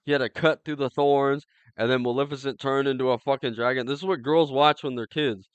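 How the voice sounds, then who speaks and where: A man's voice: medium pitch, fairly even intonation, brisk, clean tone, no room sound. Male podcast host, crude and teasing, mid-range voice, dry close mic. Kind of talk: casual chat.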